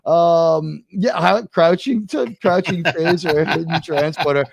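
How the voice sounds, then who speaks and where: High-voiced male host, dry close mic, sarcastic and profane livestream commentary. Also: measured pace, vocal fry, slightly rough, dry recording. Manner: animated, sarcastic ranting with swearing. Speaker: show host. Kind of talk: livestream watch-party commentary.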